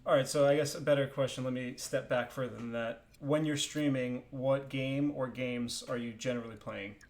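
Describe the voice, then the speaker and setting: A man's voice: mid-range voice, steady tone, moderate pace. A man from New Jersey hosting an interview, asking friendly, rambling questions in a casual way. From New Jersey, United States. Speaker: interviewer, host.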